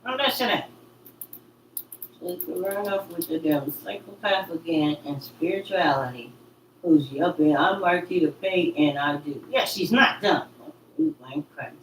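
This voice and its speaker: A woman's voice: on the low side, a little slow. A woman chatting loosely between songs at home, swearing casually. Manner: loose, profane banter. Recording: echoey room, voice far from mic, faint background noise.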